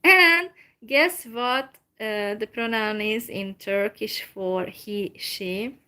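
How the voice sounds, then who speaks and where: Slow, careful woman teaching phrases. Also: mid-range voice, pushed and bright, clean tone. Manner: slow and careful, repeats phrases, many fillers. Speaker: language teacher. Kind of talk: slow informal language lesson.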